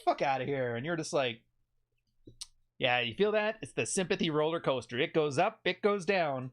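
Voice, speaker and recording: A man from Canada hosts a commentary video in a sarcastic, jokey way and is quick to laugh. His pitch swings widely and sits a little high. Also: lively intonation.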